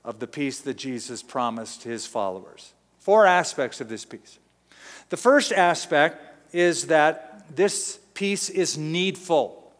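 A middle-aged pastor from Southern California preaching a sermon in a conversational, storytelling way, acting out quotes. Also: male voice, a little high, big-room sound.

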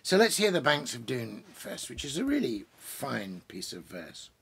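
Gravelly-voiced man rambling among his books. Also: medium pitch, huge pitch swings, a bit bright. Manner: rambling, digressive, with many restarts and asides; pausing for pipe and drinks while talking. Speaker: poet hosting a reading. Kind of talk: casual chat introducing poems. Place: home study lined with bookshelves.

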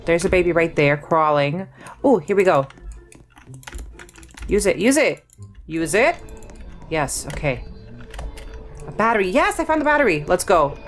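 A woman hosting a gaming channel, giving excitable play-by-play commentary to herself with sudden shrieks. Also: lowish voice, unhurried, pauses often, soft background music. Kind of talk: live gameplay commentary.

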